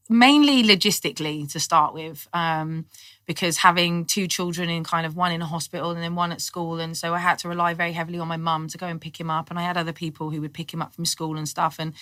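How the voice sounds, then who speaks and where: A woman's voice: fairly low pitch, sharp tone, dry recording. A middle-aged woman, a podcast guest speaking frankly and earnestly, explaining things at length. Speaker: podcast guest, cannabis activist. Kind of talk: casual interview chat.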